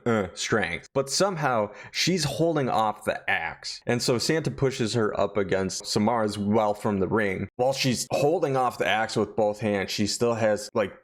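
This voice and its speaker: A man casually recapping a horror film plot, joking and swearing as he tells it. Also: lowish voice. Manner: profane, animated, jokey storytelling.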